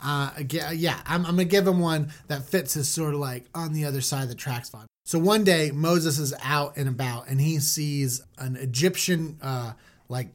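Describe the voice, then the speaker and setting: A playful man with a slightly high voice, chatting casually and retelling a story with jokes. He talks loosely, with lots of "like". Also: moderate pace. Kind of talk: casual chat.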